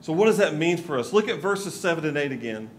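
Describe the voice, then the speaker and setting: A man's voice: a little high, animated, fast, slight background noise. A male pastor from North Carolina, giving a conversational sermon with asides to the congregation in a church. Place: church sanctuary.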